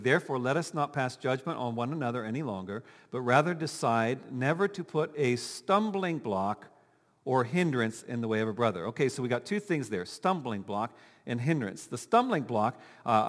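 A man preaching a sermon as pastor, animated and full of rhetorical questions, talking with his congregation. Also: mid-range voice, long reverb tail. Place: church sanctuary.

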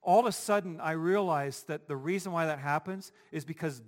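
A man preaching a sermon as pastor, emphatic, swinging from quiet asides to loud declarations. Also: on the high side, a little fast, hardly any pauses, in a large hall.

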